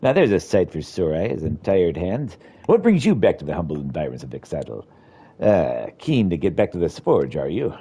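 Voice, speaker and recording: A man's voice: low voice, big pitch swings, moderate pace, dark tone, slightly rough, full character voice. A man reading an eager male engineer. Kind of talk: reading game dialogue aloud.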